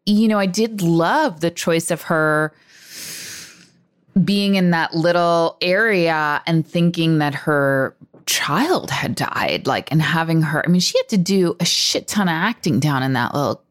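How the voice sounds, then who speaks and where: A woman co-hosting a casual film review chat, reflective and expressive. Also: low voice, a little slow. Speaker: podcast co-host.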